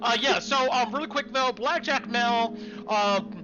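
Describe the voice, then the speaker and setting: A man, the game master, calmly filling in story details during a casual recap. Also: extremely high pitch, unhurried. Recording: dull lo-fi mic with music behind.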